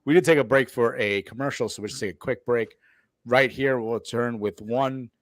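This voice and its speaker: A man's voice: medium pitch, normal speed, no echo, clean studio sound. A man hosting a sports podcast, steering the casual chat and reading ad plugs between segments. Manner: steers the show, reads ad plugs. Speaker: podcast host.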